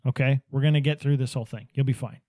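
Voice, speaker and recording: Mellow-voiced man telling stories. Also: mid-range voice, steady tone, quick pace, no room sound. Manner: anecdotal, laughs easily, acts out quotes. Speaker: podcast host, business owner. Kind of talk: casual chat, storytelling.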